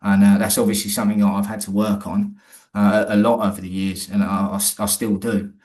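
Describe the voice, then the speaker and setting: A man, his voice sitting on the low side, talks as an interview guest. He tells a personal story loosely and colloquially, often stopping and starting again mid-sentence. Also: flat delivery, fairly quick, a little mellow. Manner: rambling, restarts often, colloquial.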